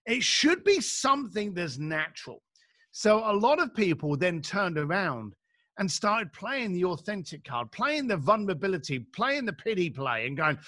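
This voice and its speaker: A middle-aged author guesting on a podcast tells stories bluntly and emphatically, doing the voices of people he quotes. His voice is high-pitched with big pitch swings, normal speed and a slightly bright tone, recorded with studio quality and no echo, in an animated conversational style.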